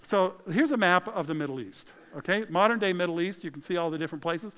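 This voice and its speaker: A man preaching a conversational, animated sermon as pastor, swinging between loud emphasis and quiet asides. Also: high-pitched, fast, long reverb tail, poor audio. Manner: animated, conversational preaching with dramatic shifts in volume.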